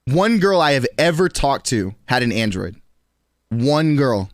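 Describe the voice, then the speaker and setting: Twenties new york dude streaming, rambly and profane, mid pitch, dead dry mic. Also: male voice, very animated, unhurried, no echo. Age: 20s. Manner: loose, profane, rambling with frequent laughs. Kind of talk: casual chat with stream chat.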